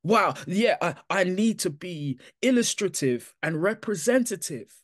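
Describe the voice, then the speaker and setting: Man, church testimony, animated storyteller, slightly high voice, dry sound. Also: unhurried, dry recording. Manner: animated storytelling, quoting his own self-talk. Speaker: church member giving testimony. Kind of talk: personal testimony to a congregation.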